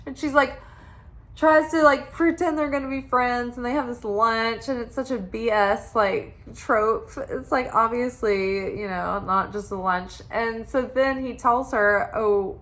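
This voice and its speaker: Chatty woman doing a tarot reading, bright crisp voice, says like a lot. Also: a little high, unhurried. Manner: chatty, frequent "like" fillers. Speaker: tarot reader. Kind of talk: casual tarot reading monologue.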